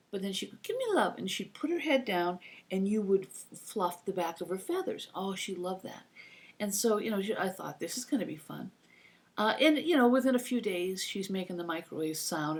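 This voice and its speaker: A woman in her fifties telling rambling personal stories to her computer mic, acting out the voices of the people she quotes. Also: fairly low pitch. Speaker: vlogger. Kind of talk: casual anecdotal storytelling.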